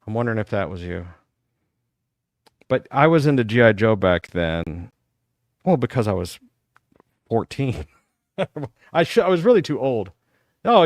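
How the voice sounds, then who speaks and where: A fifty-something Texas talk show host recounts school stories to a caller with lively, nostalgic energy. His pitch is medium, and there's no echo.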